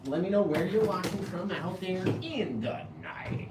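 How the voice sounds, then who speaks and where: A man hosting a live painting tutorial, chatty, laughing easily and often checking in with a quick "right?". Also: high-pitched, expressive, reverberant, very noisy. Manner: chatty, keeps asking "right?"; laughs easily while talking. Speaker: painting instructor.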